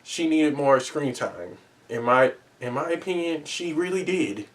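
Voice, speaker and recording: A man's voice: a little high, lively intonation, measured pace. A man giving a casual spoken movie review, talking earnestly, often repeating and restarting his words and making pleading asides.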